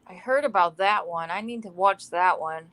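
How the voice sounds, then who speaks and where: Lower-voiced woman giving short reactions. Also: normal speed, fairly bright tone. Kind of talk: casual chat.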